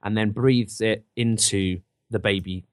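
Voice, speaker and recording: A man's voice: on the low side, dry recording, studio quality. A man on a podcast, animatedly retelling a film in casual chat and acting out bits of it. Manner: animated storyteller, acting out scenes in quick put-on voices. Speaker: podcast host recapping a film.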